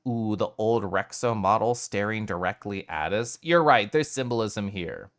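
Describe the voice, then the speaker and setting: A man with a lowish voice livestreams at a moderate pace, chatting casually and animatedly with viewers. He swears now and then.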